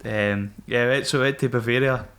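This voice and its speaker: A man's voice: mid-range voice, steady tone, a little fast, a bit bright. A young Scottish man, a former Marine guest on a podcast, telling stories in casual, sweary banter. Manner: swearing, banter-filled storytelling. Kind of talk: casual chat.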